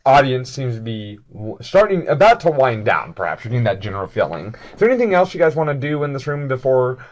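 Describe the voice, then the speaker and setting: A young man narrating a tabletop game as game master, animated and full of fillers. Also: medium pitch, fast. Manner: animated, laughing, many fillers.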